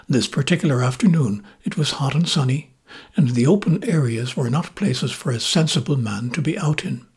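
A man with an Irish accent, hosting a podcast and narrating memoir stories in a measured, gently wry manner. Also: medium pitch, husky. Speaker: podcast host and storyteller.

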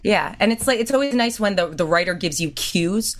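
A woman voice actor talking casually on a podcast, chatty and full of quick restarts and laughs. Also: medium pitch, lively intonation. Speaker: voice actor guest.

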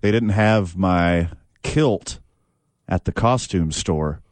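A man's voice: sits low, slow, no room sound. A man co-hosting a sports radio show with joking, playful banter. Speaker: radio co-host. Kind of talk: casual sports radio chat.

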